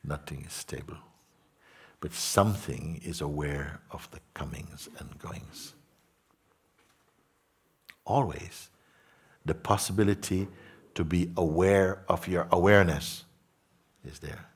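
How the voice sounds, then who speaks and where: A man giving a spiritual satsang talk to an audience, gentle and unhurried, repeating simple phrases and asking his listeners questions. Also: very deep voice, breathy edge. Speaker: spiritual teacher.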